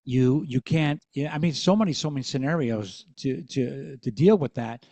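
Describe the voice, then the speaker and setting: A man's voice: mid-range voice, moderate pace, dark tone, no echo. A middle-aged man hosting a podcast, talking in a frank, reassuring and reflective way. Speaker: podcast host. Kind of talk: conversational interview.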